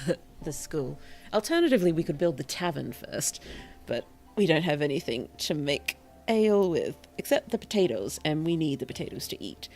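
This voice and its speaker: A streamer giving relaxed gameplay commentary in a gentle, whimsical, polite way, with puns and soft whispered asides. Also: mid-range voice, vocal fry. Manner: drops into soft whispers at times. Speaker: VTuber streamer and author.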